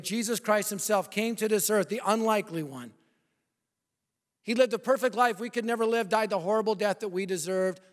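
A man preaching an evangelistic sermon, swinging from loud proclamation to hushed, intimate appeals to the listeners. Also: sits high. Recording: long hall reverb.

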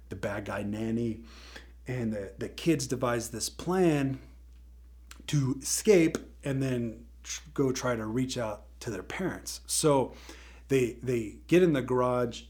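Man, mid-range voice, casual motivational speaker, animated and laugh-prone storyteller. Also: mid-range voice. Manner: animated storyteller, laughs often, repeats words.

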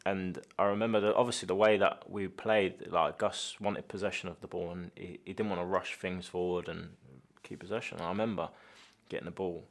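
A man who used to play football, telling stories in relaxed podcast chat with lots of fillers. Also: deep voice, a little fast, vocal fry, hardly any pauses. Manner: relaxed storytelling with many fillers. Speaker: former footballer, guest.

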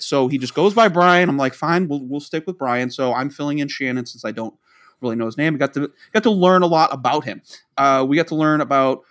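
With a fairly high pitch and a slightly bright sound, this Boston-area podcast co-host rambles through a lengthy, casual story. Whenever he quotes someone, he acts the lines out.

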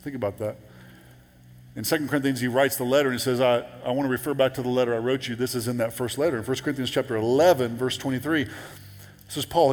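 A man's voice: mid-range voice, steady tone, fast, darkish tone, big-room sound. A man preaching a sermon as pastor in a church, conversational and repetitive, now and then rising to emphatic peaks. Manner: conversational, repeats words and restarts, rises to emphatic peaks. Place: church sanctuary.

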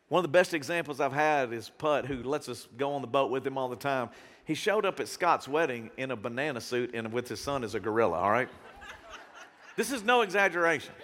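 A middle-aged man preaching a folksy, lively sermon to a congregation and acting out the voices he quotes. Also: high-pitched, fairly quick. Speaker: pastor. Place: church hall. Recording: reverberant hall.

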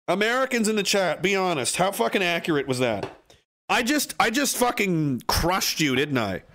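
A young man casually chatting on a livestream and reading out chat messages, crude and profane, switching into mock rants and high-pitched yells.

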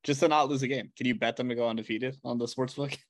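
A man's voice: medium pitch, fairly even intonation, fast, no echo. A man in a casual sports betting chat, teasing his friends with dry jokes. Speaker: podcast co-host.

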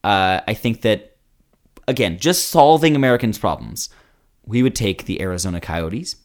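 Man, canadian, podcast co-host, jokey casual chat, lively pitch. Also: moderate pace. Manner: animated, jokey and mock-declarative.

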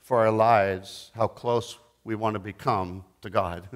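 A middle-aged man preaching a sermon, dramatic, swinging between loud bursts and hushed asides. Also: fairly low pitch, steady tone, slow pace.

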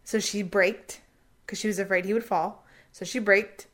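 A young woman talks through a true-crime case in a loose, chatty way, dropping into quick snatches of other people's voices and letting the swear words fly. She sounds relaxed and unscripted, like she is telling a friend the story. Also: mid-range voice. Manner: conversational, quotes people with bits of voices, swears freely. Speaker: podcast co-host.

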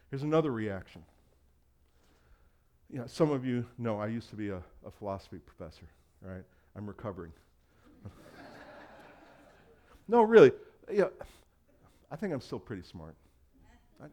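A middle-aged man preaches with easy humor and jokes at his own expense. His voice sits at an ordinary pitch, dropping to quiet asides and then jumping up loud for emphasis. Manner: humorous, self-deprecating storytelling; animated, swings between quiet asides and loud bursts. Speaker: pastor. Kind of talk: sermon.

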